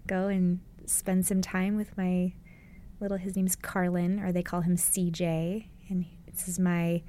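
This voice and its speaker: A woman's voice: on the low side, level tone, unhurried, mellow. A woman who produces a recovery podcast, chatting casually in a booth, bubbly and giggly. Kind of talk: casual chat. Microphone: studio mic.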